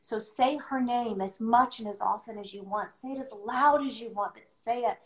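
A middle-aged woman speaks with a fairly high voice, earnest and emphatic, and she comes back to her key phrases to press them home. Her talk sounds like a heartfelt podcast conversation. The room is echoey around her. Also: normal speed. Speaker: guest.

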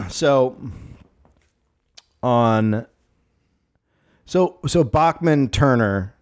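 A man's voice: mid-range voice, animated, very slow. A middle-aged man co-hosting a casual comedy podcast, telling stories with acted-out quotes and plenty of swearing. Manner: storytelling, acts out quotes, swears. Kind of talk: casual chat.

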